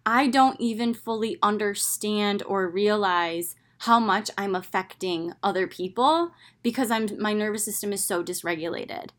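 A young woman hosts a casual self-help talk in a candid, animated way. She slips into her own inner voice now and then. Her pitch sits in a middle range.

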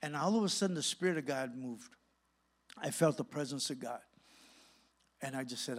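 A middle-aged man from California, a guest pastor telling a lively testimony in a sermon and acting out the dialogue. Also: mid-range voice, normal speed, long pauses. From Santa Ana, California. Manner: animated storyteller acting out dialogue.

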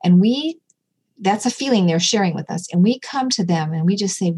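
Husky-voiced middle-aged woman, earnest. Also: fairly low pitch, brisk. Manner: earnest, warm storytelling with quoted dialogue. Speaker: podcast guest. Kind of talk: casual conversation.

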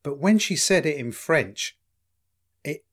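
Here the same East London man talks slowly, his voice on the high side. He's co-hosting a podcast, chatting casually and spinning lively, humorous stories with a bit of swearing.

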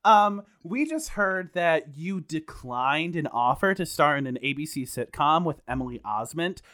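A man's voice: on the high side, lively intonation, measured pace, a bit bright. A young man from Michigan co-hosting a casual podcast, asking questions playfully with hesitant fillers. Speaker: podcast co-host.

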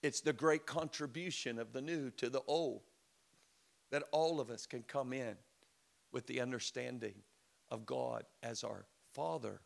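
A man's voice: mid-range voice, measured pace, creaky. A middle-aged man preaching a sermon, telling stories in a chatty way and acting out quotes. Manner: conversational storytelling with laughs and acted quotes. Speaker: pastor.

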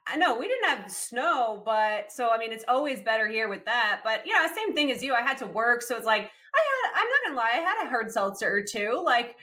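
A woman from Massachusetts hosting a casual sports podcast, chatty and quick to laugh, filling her talk with "like". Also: on the high side, sing-song, pushed and bright. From Massachusetts, USA. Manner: laughs often, chatty with many likes. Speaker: podcast host.

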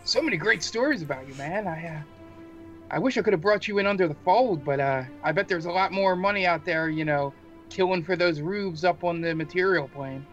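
A man's voice: high-pitched, brisk, fairly bright tone, pitched above the performer's own voice. A man voicing a commanding, horned, eye-patched devil lord in a tabletop game, speaking in a drawling manner. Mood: sly. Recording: dull muffled sound with faint music.

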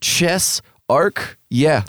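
A man's voice: on the high side, lively intonation, drawn-out words, fairly bright tone, no echo, clean studio sound. Joking, swearing male podcast co-host. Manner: loose, profane, joking banter with laughs. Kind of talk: casual podcast chat.

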